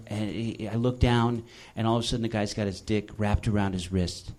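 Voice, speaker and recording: A man hosting a live comedy show, telling a story with an animated delivery that jumps into loud high-pitched shouting. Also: normal speed, few pauses. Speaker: comedian host. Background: audience laughter and noise.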